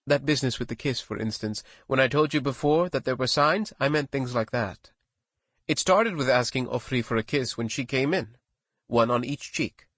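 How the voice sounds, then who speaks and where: A man reading a novel aloud in first person, with even, measured storytelling. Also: medium pitch, no room sound. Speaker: audiobook narrator. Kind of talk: scripted first-person narration.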